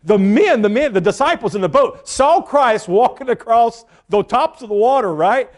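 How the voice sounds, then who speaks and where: A man with a fairly high voice delivers a sermon. He speaks earnestly, pausing and repeating words, and acts out the quotes he cites. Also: lively intonation. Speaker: preacher.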